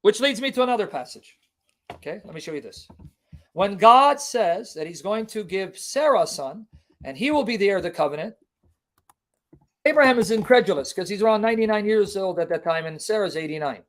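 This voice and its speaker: A man's voice: high-pitched, lively intonation, fairly quick. A man preaching in a livestream Bible teaching, impassioned and emphatic, firing rhetorical questions at his listeners. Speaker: Christian preacher and apologist.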